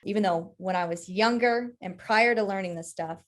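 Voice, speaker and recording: A woman at an ordinary middle pitch explains ideas in a loose, conversational way. She walks through each point and keeps checking in with the listener. Her tone is that of a co-host in a casual discussion. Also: normal speed, fairly bright tone. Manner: explanatory, checks in with "right?" often. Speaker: co-host explaining human design. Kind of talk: casual teaching chat.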